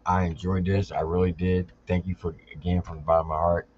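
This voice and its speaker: A man hosting a casual livestream chat, teasing and laughing loudly with his guests. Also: deep voice, flat delivery, brisk, a little hiss or hum. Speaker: livestream host. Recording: slightly dull lo-fi sound.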